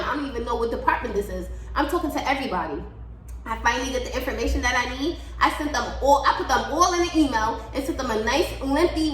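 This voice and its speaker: A woman's voice: on the high side, a bit bright, reverberant, low-quality recording. A woman hosting a podcast, telling a story in a casual monologue, blunt and profane as she vents her exasperation. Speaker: podcast host.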